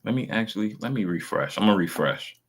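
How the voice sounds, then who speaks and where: A man's voice: on the low side, lively intonation, fast, slightly rough. A man, reacting to videos on a casual stream in a blunt, profane, rambling way.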